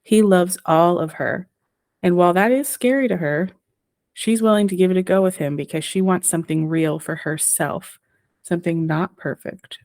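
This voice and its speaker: A woman co-hosts a podcast in a low voice. She talks about things in an analytical, enthusiastic way. The mic sounds close and dry. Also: normal speed, a little mellow, no room sound. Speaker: podcast co-host. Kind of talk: casual podcast chat.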